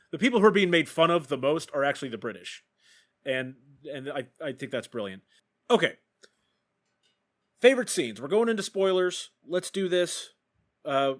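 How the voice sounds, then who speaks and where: Higher-voiced man hosting a podcast. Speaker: podcast host. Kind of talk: casual film discussion.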